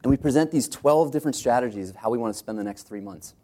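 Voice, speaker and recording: An animated man, a startup co-founder, tells his company's story to an audience. His voice sits at medium pitch and moves at a quick pace, and he acts out quotes in put-on voices.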